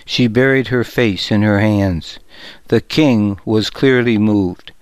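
A man narrating a story in the first person, calm and measured. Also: on the low side, smooth, dry recording. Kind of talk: audiobook narration.

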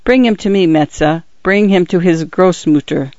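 A woman's voice: lowish voice, normal speed, a little mellow, no room sound, muffled recording, lightly acted. Woman doing a dead grandmother's spirit, soothing and coaxing, dry close recording.

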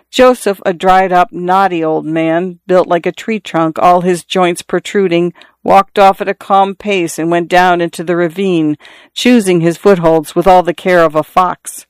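A reader narrating a classic short story in a measured, steady way. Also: medium pitch, clean tone, no room sound. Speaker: audiobook reader.

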